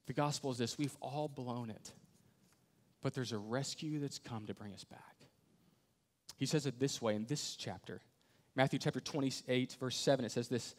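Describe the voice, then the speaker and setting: A man's voice: mid-range voice, moderate pace. A young adult man preaching a sermon, acting out quoted voices and dropping to near whispers. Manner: animated storyteller, acts out quoted voices, drops to near whisper. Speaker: pastor.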